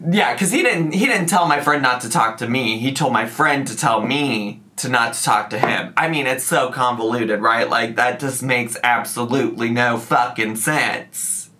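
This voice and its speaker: A man talking casually to his camera in a vlog, chatty and animated, now and then slipping into a joking southern twang. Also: mid-range voice, measured pace, slight background noise. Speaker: YouTuber.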